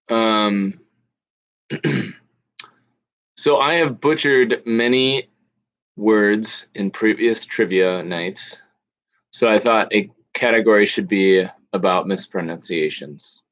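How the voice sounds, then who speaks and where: A man hosting an online trivia night, reading out questions slowly with pauses and fillers. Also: lowish voice, a bit bright. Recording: dull lo-fi audio.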